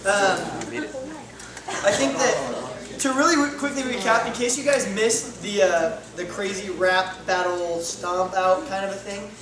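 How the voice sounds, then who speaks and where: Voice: mid-range voice, fairly even intonation, measured pace, crowd noise. Casual slangy preacher in an echoey hall. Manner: casual, slangy, recapping a story. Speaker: youth pastor. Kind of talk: sermon. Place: church hall. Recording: echoey hall from far off, noisy.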